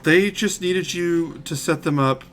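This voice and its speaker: A man voicing an impatient young woman chronicler who speaks curtly and deadpan. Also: a little high, measured pace, soft background music, pitched above the performer's own voice.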